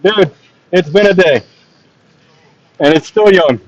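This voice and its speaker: A man doing solo play-by-play of a ball hockey game, joking with chat between plays and rising in excitement on big plays. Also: high-pitched, slow pace, no echo, dull audio. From not from Texas. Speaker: play-by-play commentator. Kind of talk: solo live sports commentary with chat asides.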